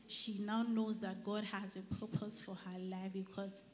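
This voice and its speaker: An earnest Nigerian woman gives a church testimony, her voice sinking to near whispers and then swelling loud. Her voice carries a long reverb from the church hall around her, with faint noise underneath. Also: mid-range voice, flat delivery, a little slow. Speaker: church member giving testimony. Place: church service.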